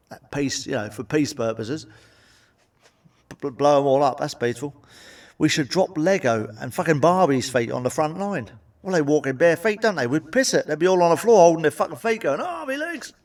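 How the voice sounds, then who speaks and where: A middle-aged man doing a crude stand-up comedy routine, swearing freely and landing deadpan punchlines. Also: mid-range voice, distant mic.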